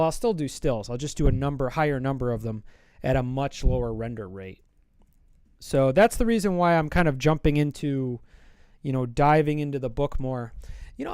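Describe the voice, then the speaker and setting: Chatty male streamer sketching live. He wanders between thoughts playfully, with a smooth, dry, close sound. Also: medium pitch, darkish tone, dry recording. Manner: rambling, playful, thinks aloud. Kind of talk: casual live-stream chat while drawing.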